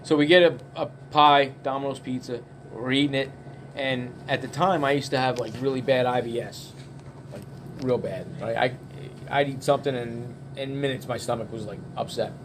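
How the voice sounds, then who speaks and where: A middle-aged man at a bar telling a casual story in an animated, profane way, acting out the quotes. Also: medium pitch, normal speed, slight background noise.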